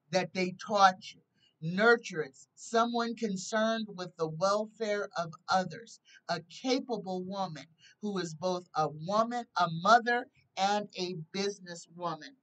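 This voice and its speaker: A woman gives a tarot reading at an unhurried pace, reading card keywords aloud in a list and pleading earnestly with the viewer. Her voice sits a little back from the microphone. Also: mid-range voice, a bit bright, distant mic, poor audio. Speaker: tarot reader.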